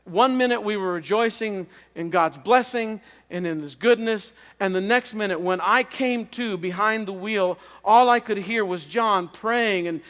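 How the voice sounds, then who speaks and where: A man, a pastor, preaching a revival sermon as an earnest personal testimony, often halting and repeating words. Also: high-pitched, a bit bright. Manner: earnest storytelling with halting restarts. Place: chapel. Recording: long reverb of a chapel.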